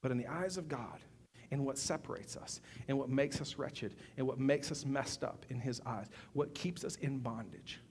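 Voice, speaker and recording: At a normal speed and medium pitch, a middle-aged man delivers a sermon as pastor, talking casually with fillers and repeated words. His delivery swings from fervent loudness to hushed intimacy, with slight background noise in the recording.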